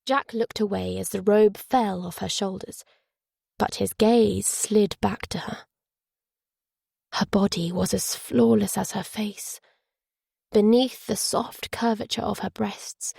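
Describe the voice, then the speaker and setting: Audiobook narrator: woman, measured storytelling, middle pitch, dry booth sound. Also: gravelly, darkish tone, breathy edge, no echo.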